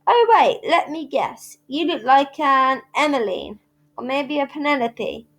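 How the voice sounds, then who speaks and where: A dramatic, imaginative young storybook girl with red pigtails, voiced by a woman reading aloud. She gushes in flowery, theatrical rushes, her voice sitting somewhat high. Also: expressive. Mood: gushing. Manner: flowery, theatrical, rushing talk.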